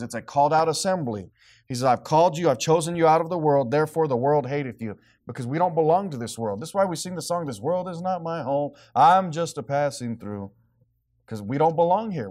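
A man preaching to his congregation as pastor. He reads scripture in a slow, deliberate way. Between readings he talks plainly and conversationally, with an easy, informal manner. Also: a little high, darkish tone. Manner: reads scripture slowly and deliberately, then talks casually with laughs. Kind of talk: sermon.

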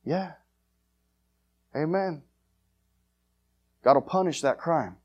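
A man preaching an evangelistic sermon, confrontational and fiery, swinging between loud urgent lines and hushed ones. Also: a little high, slow, breathy edge, lo-fi sound.

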